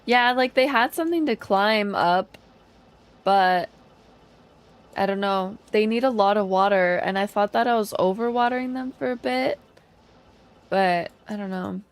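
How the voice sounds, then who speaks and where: A woman game streamer chatting casually on a live stream, relaxed and chatty, talking to her chat and humming along while she plays. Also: mid-range voice, unhurried, pauses often.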